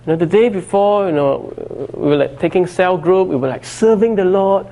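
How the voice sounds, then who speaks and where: A man's voice: high voice, normal speed, mellow. A middle-aged man preaching a sermon in a conversational way, often saying "you know" and "okay" to his congregation. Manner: conversational preaching, frequent 'you know' and 'okay'. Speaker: pastor.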